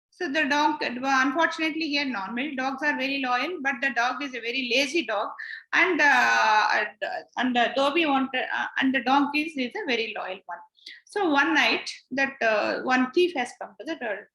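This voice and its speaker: A woman's voice: high voice, sharp tone, reverberant. A woman giving a scripture study lecture, explaining patiently and repeating her points as she retells a story.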